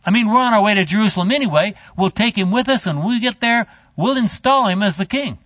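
Brief: preacher putting on conspiring followers, urgent and coaxing, muffled dry audio. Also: male voice, sits high, lively intonation, fast, fairly bright tone, no echo, voice pushed up. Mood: scheming. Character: scheming male disciples plotting to crown a king. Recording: dull lo-fi dry.

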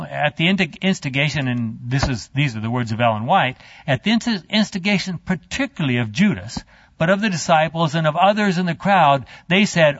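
Brief: male Bible teacher, chatty storytelling, slightly high voice, dry muffled sound. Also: no echo. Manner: animated, halting, chatty. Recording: dull lo-fi dry.

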